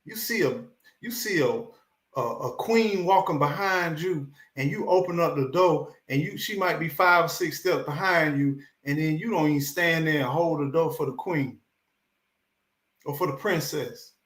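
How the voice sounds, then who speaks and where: A man's voice: a little high, normal speed, fairly bright tone, reverberant. A man hosting a live stream, giving a repetitive, preachy motivational talk.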